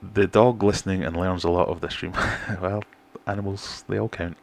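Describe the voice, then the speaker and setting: A middle-aged British man hosting a relaxed livestream, chatting and reading out viewer comments in a self-deprecating way. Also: low-pitched, moderate pace, gravelly. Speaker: fishkeeping livestream host. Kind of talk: casual livestream chat.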